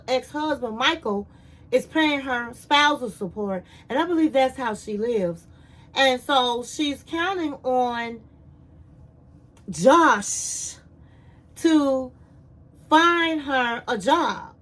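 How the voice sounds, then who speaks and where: A woman's voice: high voice, slow, a bit bright. A woman from Chicago giving a blunt, sassy reality TV recap in casual chat, acting out the cast's lines as she goes.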